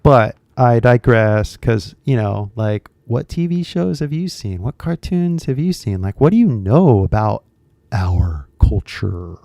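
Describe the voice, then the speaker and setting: A man's voice: mid-range voice, big pitch swings, a little slow, gravelly, dark tone, dry recording. An American man, an English teacher, talking casually on a live stream and rambling with lots of "you know" and "like" fillers. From United States.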